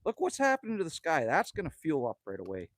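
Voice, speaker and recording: Speaking fast with huge swings in pitch, this fairly high, fairly bright male voice belongs to a livestream host from Manitoba, Canada. He chats casually indoors at a cabin heated by a wood stove, rambling, joking and reading out messages from chat. There's no room sound at all.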